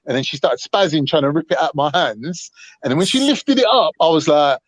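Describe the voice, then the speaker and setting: Man, slightly high voice, animated storyteller, dull dry audio. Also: fairly quick, no room sound. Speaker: panel host. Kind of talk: casual storytelling on a live panel.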